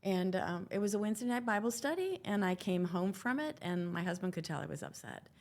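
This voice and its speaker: An older woman speaking as a guest on an interview podcast. Her voice is gravelly with a bit of fry, and her pitch sits in the middle. She tells a personal story earnestly and reflectively. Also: expressive, a little fast. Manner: earnest, reflective, quotes her own past words.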